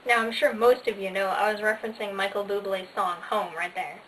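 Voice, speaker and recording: A woman's voice: medium pitch, steady tone, a little fast, a bit bright. A teenage girl vlogging casually, bubbly and sarcastic, with lots of "like" fillers. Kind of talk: casual chatty vlog. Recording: faint hiss, slightly distant mic.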